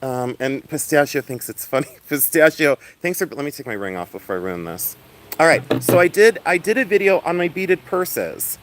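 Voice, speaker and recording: A loud, flamboyant man hosting a casual livestream outdoors, chatting with viewers and laughing often as he shows off his finds. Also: fairly high pitch, very animated, moderate pace, noisy background. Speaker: livestream host selling and showing jewelry. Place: outdoors in the sun.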